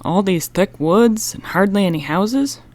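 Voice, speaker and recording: A woman's voice: mid-range voice, expressive, a little slow, a little mellow, natural voice. A woman reading an audiobook, voicing a nervous teenage boy who talks in a worried, jumpy way.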